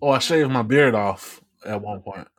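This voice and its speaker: A man's voice: lowish voice, normal speed, fairly bright tone. Easygoing guy on a podcast, chill, goes along with everyone. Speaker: podcast co-host. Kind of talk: casual chat.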